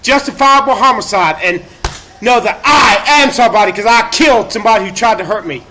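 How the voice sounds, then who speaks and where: A man ranting on a livestream in a profane, erratic, self-pitying way, breaking into shouts at times, recorded in a laundromat. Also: high-pitched, brisk, a little hiss or hum.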